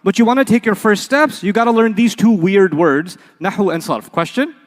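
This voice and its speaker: A man's voice: high voice, normal speed, in a large hall. A man teaching an Arabic class, quizzing the students with call-and-response questions and playful examples. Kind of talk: classroom lecture.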